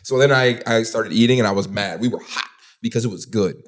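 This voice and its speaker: Fast-talking young podcast host. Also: male voice, lowish voice. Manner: animated storyteller, jumps into funny voices. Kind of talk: casual chat.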